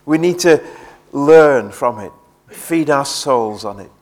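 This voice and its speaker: A man's voice: medium pitch, expressive, slow. A man preaching a sermon in an earnest way, often repeating words as he presses a point.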